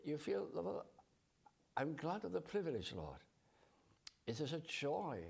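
A man preaching a sermon in a slow, measured way, drawing out his scripture quotes. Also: medium pitch, vocal fry, darkish tone, breathy edge.

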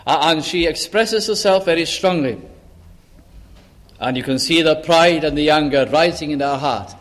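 A man preaching a sermon in a slow, deliberate and emphatic way, with dramatic pauses. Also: on the high side.

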